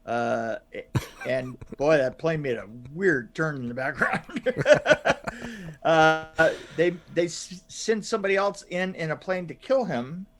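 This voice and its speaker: A man with a slightly raised pitch talks casually as a podcast co-host. He stumbles through his sentences with restarts and "uh"s, and he laughs easily. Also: fairly bright tone. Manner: halting, many fillers and restarts, laughs often. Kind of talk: casual chat.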